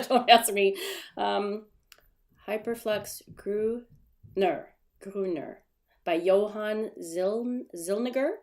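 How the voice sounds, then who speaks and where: A woman hosts a relaxed live stream from her desk at home, in a voice of ordinary pitch. She rambles from one thought to the next, greets viewers as she reads their comments, and laughs easily at her own mistakes. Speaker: livestream host. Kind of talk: casual live-stream chat.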